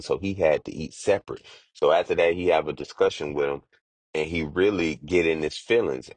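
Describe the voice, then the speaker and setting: Real deep-voiced dude retelling a bible story like street gossip, aave slang, dry close sound. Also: male voice, breathy edge, no room sound. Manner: slangy, quick, acts out characters in everyday street talk.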